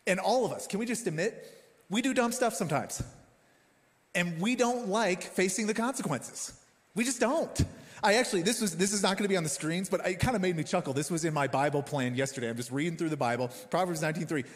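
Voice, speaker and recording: A man in his thirties preaching a sermon, talking straight to the congregation in a lively, conversational way. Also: high voice, a little fast. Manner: animated, conversational, addresses the congregation directly. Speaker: pastor. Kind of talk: sermon with personal stories. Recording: reverberant church hall.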